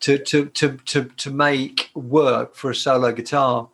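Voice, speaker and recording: An older man from the United Kingdom, a guitarist recalling his career in a relaxed interview, talking in a chatty way and often restarting his sentences. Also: medium pitch, unhurried. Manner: warm, chatty, with frequent restarts. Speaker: guitarist and performer, interview guest. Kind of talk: casual anecdotal storytelling.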